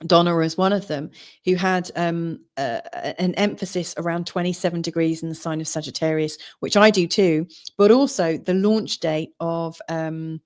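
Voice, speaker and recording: A woman co-hosting a casual live-stream show as an astrologer, talking in a relaxed way with many fillers, her voice a little strained. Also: on the low side, moderate pace. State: losing her voice. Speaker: co-host and astrologer.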